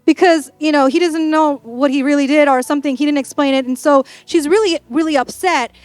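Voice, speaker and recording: A woman's voice: high-pitched, fairly quick, no echo, faint music behind. A woman pastor preaching a sermon in a church, in a playful, conversational way with acted-out asides.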